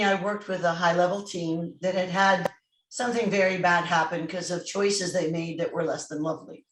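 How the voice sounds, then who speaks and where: A woman with a mid-range voice telling a story as podcast host, earnest and conversational. She sits back from the microphone, and the room adds a noticeable echo. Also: fairly low pitch. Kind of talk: casual conversation. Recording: roomy, distant from mic.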